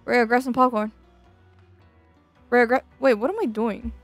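A woman VTuber streamer giving playful, excitable and mischievous commentary while reading a game's dialogue aloud. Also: a little high, a little slow, no room sound, soft background music.

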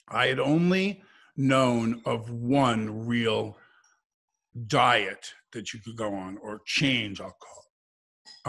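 A man with a gravelly, husky voice, chatting as a guest and telling stories in a lively, joking way. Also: mid-range voice. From United States. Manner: storytelling, animated, jokey. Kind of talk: casual conversation.

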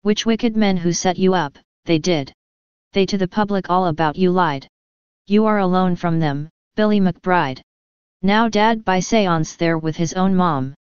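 A woman reading a gentle female angel's lines in rhyming verse, in an even storybook delivery. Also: fairly low pitch, measured pace, smooth, no room sound, muffled recording, natural voice. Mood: consoling. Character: gentle female angel comforting her husband.

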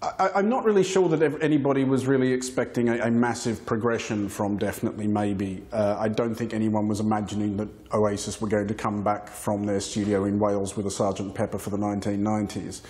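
A man's voice: fairly low pitch, fairly even intonation, fast talker, few pauses, darkish tone. A man giving frank critical commentary in an interview, with stammered starts.

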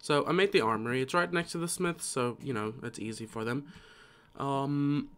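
A man's voice: mid-range voice, normal speed, clean tone. A tired man streaming a game live, casually rambling and muttering to himself as he plays.

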